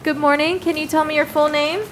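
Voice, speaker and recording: Brisk high-voiced woman judge. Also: level tone, a bit bright, a little hiss or hum, low-quality recording. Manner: brisk, formal, businesslike. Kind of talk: court bond hearing. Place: courtroom with loud air vent.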